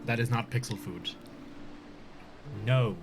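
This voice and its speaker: A man's voice: mid-range voice, takes it slowly, music in the background. A man chatting casually on a live stream, talking with his mouth full and laughing often.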